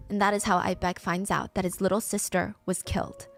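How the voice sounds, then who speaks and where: A woman narrating a scripted true-crime story in a brisk way, acting out the quoted speech as she goes. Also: medium pitch, fairly even intonation, soft background music.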